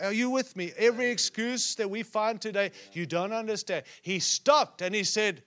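A man preaching a sermon at a conference, acting out scripture quotes and dropping to a hush at times. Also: sits high, moderate pace, few pauses. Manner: preaching with sudden drops to a hushed voice; acts out quoted speech from scripture stories. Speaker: conference speaker. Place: conference hall.

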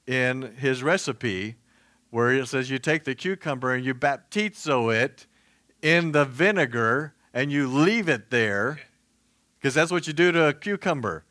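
A man preaching in a relaxed, conversational way, with a lilt and a medium-pitched voice. He jokes, stacks up fillers and wanders into asides. The sound is dry and close, with little room echo. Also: slow pace. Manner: chatty, joking, many fillers and asides. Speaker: pastor. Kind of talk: casual sermon.

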